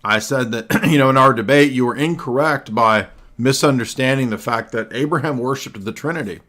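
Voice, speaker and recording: A man hosting a livestream, delivering combative, sarcastic commentary and often clearing his throat. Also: mid-range voice, fairly quick, pushed and bright. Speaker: livestream host. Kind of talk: argumentative solo commentary.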